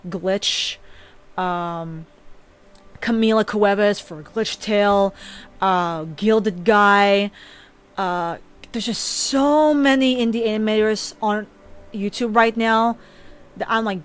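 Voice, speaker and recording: A woman's voice: mid-range voice, slow pace, long pauses, clean tone. A young woman streamer chatting casually and earnestly about her dreams, often stumbling and restarting her sentences, growing teary. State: teary and emotional. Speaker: streamer and animator. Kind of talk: casual live-stream chat.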